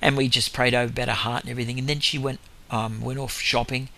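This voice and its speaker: Gravelly Australian man telling stories. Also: medium pitch, little pitch movement, fast talker, pushed and bright. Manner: chuckles between anecdotes; rambling, self-correcting. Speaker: lay minister. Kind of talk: storytelling testimony.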